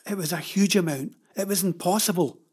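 A man's voice: high-pitched, a little fast, darkish tone, slightly rough, pitched above the performer's own voice. A man voicing a spirited ten-year-old farm girl who flares up with indignation, in a storybook reading. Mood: anxious. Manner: heated, indignant outbursts.

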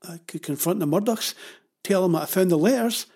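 A man's voice: high-pitched, moderate pace, a little mellow, slightly rough, voice pushed up. A man voicing a spirited ten-year-old farm girl who flares up with indignation, in a storybook reading. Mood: indignant. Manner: heated, indignant outbursts.

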